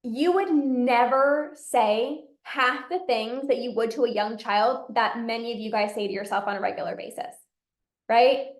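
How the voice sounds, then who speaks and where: Speaking at a normal pace in a high voice, a woman coaches viewers on binge eating straight to camera, earnest and conversational, leaning heavily on "like" and "right?" A noticeable echo from her room colors the sound.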